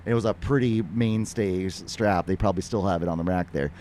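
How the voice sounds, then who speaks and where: Podcast host guy, really deep voice, rambles, lots of uh and um, faint noise in the background. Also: brisk, a little mellow. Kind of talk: casual conversation.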